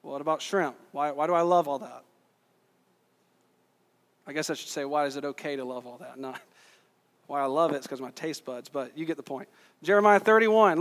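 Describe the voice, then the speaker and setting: High-voiced man preaching in a church hall. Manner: conversational preaching, rhetorical questions, emphatic slowdowns. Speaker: pastor. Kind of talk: sermon. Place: church sanctuary. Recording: long reverb of a church hall.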